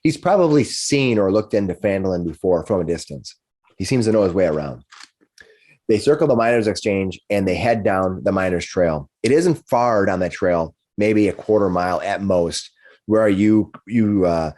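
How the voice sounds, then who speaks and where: A man with a somewhat low voice runs a tabletop game, describing the scene. He narrates in a halting way, often repeating words before moving on. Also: expressive, a little mellow. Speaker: game master.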